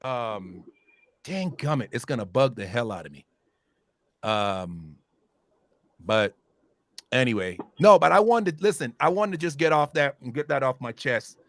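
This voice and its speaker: A man hosting a casual chat, animated and swearing freely, with loud bursts when he gets worked up. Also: mid-range voice, a little slow, long pauses, no echo.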